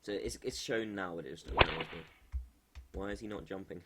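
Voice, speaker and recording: A man streaming live while he builds a game, thinking aloud in a halting way with many restarts. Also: low-pitched, noisy background.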